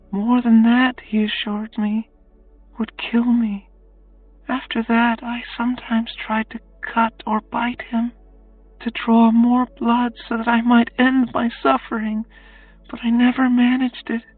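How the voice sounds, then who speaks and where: A woman voicing a weary young captive woman, speaking in a quiet, halting confession for an audiobook, over faint music. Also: on the high side, level tone, no echo. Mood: haunted. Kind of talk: audiobook character voice. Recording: distant tinny phone-like sound, faint music.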